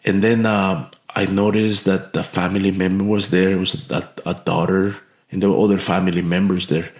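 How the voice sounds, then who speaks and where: A man's voice: sits low, little pitch movement, moderate pace, darkish tone. Earnest man from Mexico, echoey room. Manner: earnest, with many restarts and fillers. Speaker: podcast guest. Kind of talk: storytelling in an interview.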